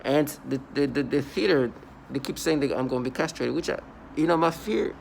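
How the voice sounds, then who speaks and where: A defiant man talks straight to the camera from home, his somewhat high voice roughened by heavy gravel. He speaks with scorn, stumbling, restarting and repeating words as he goes. Traffic hums faintly in the background. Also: brisk. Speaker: vlogger. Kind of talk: angry personal monologue to camera. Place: at home indoors.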